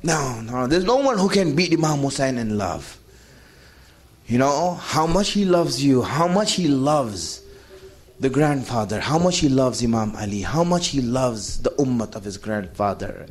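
A man's voice: medium pitch, very animated, unhurried. A man delivering an emotional religious sermon, pleading with his listeners and moving between storytelling and impassioned cries. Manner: storytelling, addresses audience as friends. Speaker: preacher.

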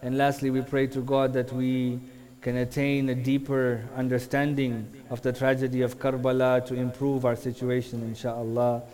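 A man's voice: medium pitch, completely flat delivery, moderate pace, darkish tone. A man delivering a sermon, telling a story and rising into mournful chanted recitation. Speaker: religious speaker.

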